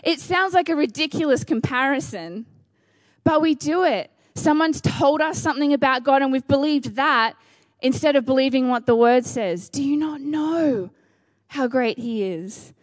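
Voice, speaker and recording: A woman's voice: sits high, normal speed, no room sound. A woman preaching a sermon, earnest and conversational with playful asides.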